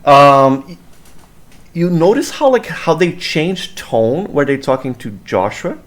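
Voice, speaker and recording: A man reacting to footage in an agitated rush, swearing and tripping over repeated words. His voice sits a little high and swings widely in pitch as he rants. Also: sing-song, a little slow. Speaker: video reactor. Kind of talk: reaction commentary.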